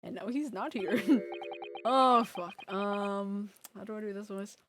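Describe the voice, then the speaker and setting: A woman's voice: medium pitch, measured pace, a bit bright, soft background music. A woman streaming a game, chatting casually, giggling often, swearing loosely and reading lines aloud. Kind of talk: casual game let's-play commentary.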